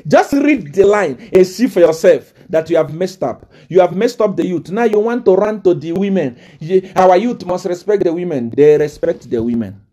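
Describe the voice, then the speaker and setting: A man's voice: high voice, animated, moderate pace, dark tone. A man from Zambia, delivering a live-streamed political rant in a mocking, taunting way, laughing often and hammering on repeated phrases.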